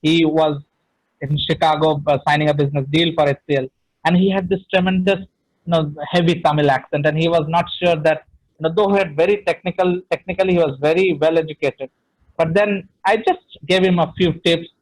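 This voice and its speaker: A man's voice: on the high side, fairly even intonation, fairly quick, poor audio. A middle-aged man with an Indian English accent, giving an online training session on speaking, emphatic and full of "you know" fillers.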